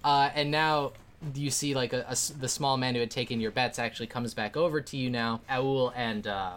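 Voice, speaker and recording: A man's voice: medium pitch, fairly even intonation, moderate pace, fairly bright tone, clear, resonant tone. Laid-back male game master. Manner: casual, filler-heavy narration. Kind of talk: narrating a tabletop game.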